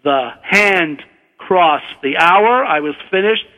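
An older man from Brooklyn, a physician and author, telling a relaxed, wry anecdote. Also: high-pitched, slow. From Brooklyn, USA. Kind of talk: anecdotal storytelling. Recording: dull radio broadcast, long reverb.

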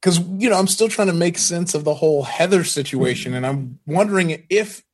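A man guesting on a podcast in casual chat, loose and slangy as he thinks out loud. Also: on the high side, brisk. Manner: loose, slangy, theorizing aloud.

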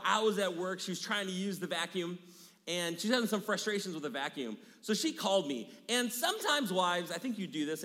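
A man in his thirties preaching a sermon in a church, energetic, repeating key phrases and dropping into hushed asides. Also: high-pitched. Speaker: pastor. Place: church sanctuary. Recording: long hall reverb.

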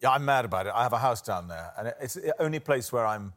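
A man's voice: medium pitch, lively intonation, quick pace, fairly bright tone. A British man in his sixties, a talk show guest, speaking in a wry, self-deprecating way. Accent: British English. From Britain.

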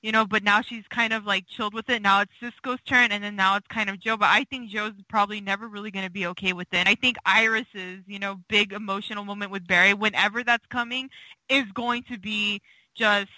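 A woman's voice: mid-range voice, fairly even intonation, a little fast, pushed and bright, dry recording, poor audio. A woman co-hosting a fan podcast, talking casually and emotionally with many fillers. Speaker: podcast co-host.

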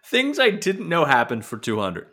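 Animated man in casual podcast chat. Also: fairly high pitch, moderate pace, breathy edge. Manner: animated, playful storyteller. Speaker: podcast co-host.

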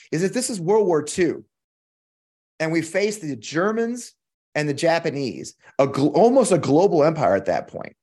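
A middle-aged man from the United States hosts a podcast, delivering heated, profane political commentary full of emphatic repetition. His voice is on the high side, a little mellow and husky.

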